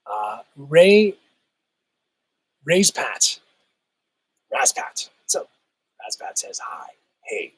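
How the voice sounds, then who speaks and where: A man hosts a relaxed live stream and answers his viewers in a chatty, easygoing way. His voice is husky and a little rough, still getting over a cold, at a middle pitch. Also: drawn-out words, pauses often, rough recording. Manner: laid-back, chatty, laughs often, says "hell yeah". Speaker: livestream host reading chat. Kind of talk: casual livestream chat.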